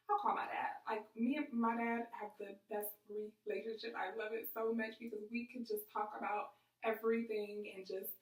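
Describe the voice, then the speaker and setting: A woman vlogger telling a personal story, emotional and rambling, full of "like" and "you know". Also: a little high. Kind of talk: candid personal storytelling to camera. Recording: echoey room, voice from a distance.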